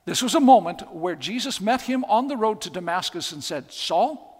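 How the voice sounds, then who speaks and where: A man's voice: sits high, lively intonation, fairly quick. A man preaching a sermon, telling stories with emphatic, repeated phrases. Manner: storytelling, emphatic and repetitive. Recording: long hall reverb.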